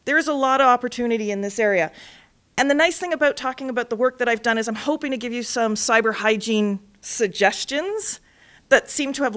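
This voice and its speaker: A middle-aged woman giving a lively talk as a guest speaker in a lecture hall, an animated storyteller. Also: fairly high pitch, clear, resonant tone. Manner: animated storyteller, acts out voices in anecdotes.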